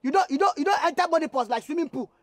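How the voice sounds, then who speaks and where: A young actor with a Nigerian accent playing a brash, loud, teasing suitor who laughs and mocks. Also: male voice, very high-pitched, animated, very fast, no echo. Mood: mocking loud. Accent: Nigerian English. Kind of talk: film acting.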